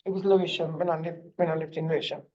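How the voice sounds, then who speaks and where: A woman's voice: low-pitched, fairly even intonation, rapid-fire, warm tone, lo-fi sound. A woman working as a parent advocate, telling a personal story in a blunt, plain-spoken way.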